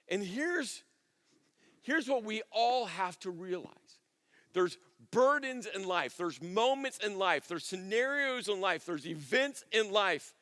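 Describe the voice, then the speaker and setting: A middle-aged man preaching a sermon as pastor. He talks conversationally, repeats his phrases, and drops almost to a hush on key words. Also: high-pitched, big-room sound.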